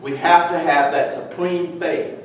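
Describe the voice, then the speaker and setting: Man giving an animated motivational speech. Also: a little high, a little slow. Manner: storytelling with animated voices. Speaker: speech contest speaker. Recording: echoey hall, far from the mic.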